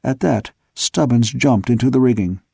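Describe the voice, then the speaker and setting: Brief: male audiobook reader, gravelly, husky, dry close-mic sound, measured. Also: medium pitch, warm tone, dry recording. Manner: measured storytelling. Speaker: audiobook narrator. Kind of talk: scripted narration.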